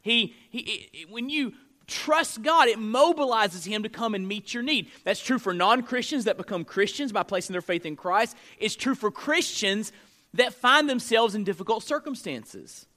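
Male preacher with a high, bright voice, emphatic and conversational at the pulpit. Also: animated, moderate pace. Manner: emphatic, conversational preaching with frequent "right?" tags. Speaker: pastor. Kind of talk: sermon. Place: church room with a live congregation.

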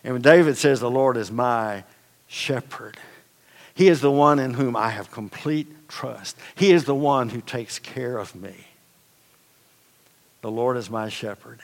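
A man preaching a sermon as pastor, telling stories in a conversational, folksy way with casual asides. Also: mid-range voice. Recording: long reverb of a large hall.

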